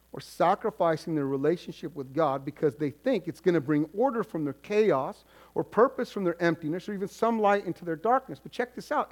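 A male pastor preaching a sermon, repeating his points for emphasis and slipping into the voices of the people he counsels. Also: sits high. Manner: acts out congregants' voices in quoted asides.

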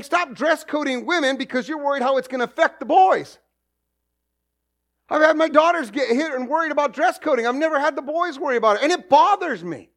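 A middle-aged man preaching a sermon as pastor, animated and jokey, with acted asides. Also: extremely high pitch.

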